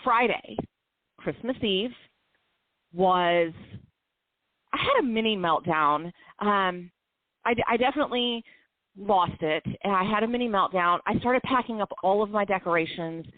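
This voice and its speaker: A woman co-hosting a podcast tells a personal story, candid and full of emotion, her medium-pitched voice lively and heartfelt as she moves between quick bursts and slow stretches. The recording is dry and sounds tinny, like a phone line.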